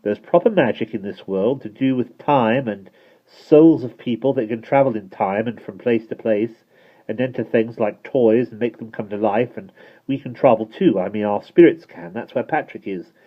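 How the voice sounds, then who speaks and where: A man's voice: mid-range voice, normal speed, pitched above the performer's own voice, lightly acted. A man reading aloud and voicing an earnest, worried young boy in a storybook, talking urgently over a tinny, phone-like recording. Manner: urgent, insistent.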